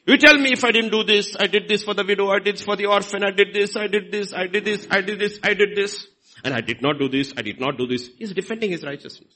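A middle-aged man with an Indian accent preaching a sermon, swinging between loud emphasis and soft asides. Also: high-pitched, quick pace, rough recording. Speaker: pastor.

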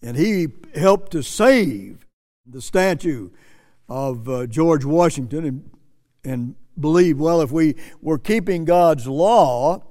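A man's voice: on the high side, animated, takes it slowly, dark tone, in a large hall. A man preaching earnestly, repeating phrases for emphasis and reading quotes aloud. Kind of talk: sermon commentary.

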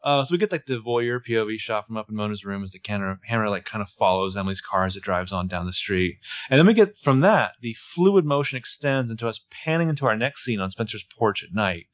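A man's voice: on the low side, expressive, fast talker, hardly any pauses. A man co-hosting a podcast, chatting casually through a TV episode recap with playful asides. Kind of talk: casual chat.

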